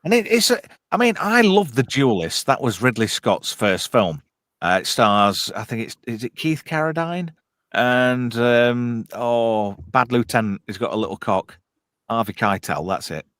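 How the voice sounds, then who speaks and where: A blunt man hosting a loose podcast chat, swearing through his rants. His pitch swings up and down, and the sound is close and dry. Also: animated, measured pace, a bit bright, no room sound. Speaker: host.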